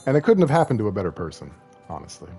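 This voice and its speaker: A man's voice: on the low side, very animated, racing, mellow, husky, soft background music. A man streaming a video game, chatting casually and joking, rambling and slipping into silly voices. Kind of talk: casual gaming livestream commentary.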